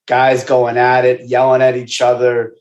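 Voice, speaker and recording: Man, basketball trainer, swears constantly, animated storyteller, medium pitch, echoey room. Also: unhurried, lo-fi sound. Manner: profane, animated storytelling with asides. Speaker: basketball trainer, podcast guest. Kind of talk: casual podcast chat. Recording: roomy echo.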